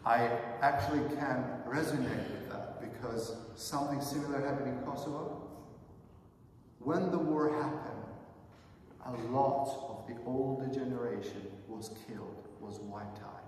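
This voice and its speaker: Male pastor, sermon, unhurried, addresses the brothers and sisters; recorded far off in a long-echo sanctuary. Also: medium pitch, slight background noise. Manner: earnest, asks the congregation many questions; calls the listeners brothers and sisters. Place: church sanctuary. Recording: echoey hall, mic far off.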